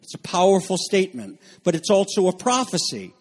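A male pastor delivers a sermon in an earnest voice, leaning hard on key phrases and slipping in fillers and asides. His voice sits a little high for a man and has a husky edge. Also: huge pitch swings, a little fast.

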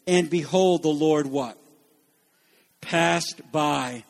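Man, preacher, high voice, emphatic, dramatic sermon delivery. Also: slow, gravelly. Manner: dramatic, emphatic preaching with swings between loud and hushed.

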